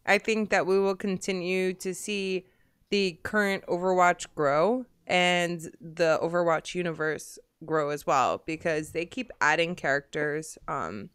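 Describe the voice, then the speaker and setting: A woman's voice: on the low side, measured pace, fairly bright tone, smooth, dry recording, clean studio sound. A woman hosting a casual gaming chat stream, chatty and rambling, laughing often. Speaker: podcast host.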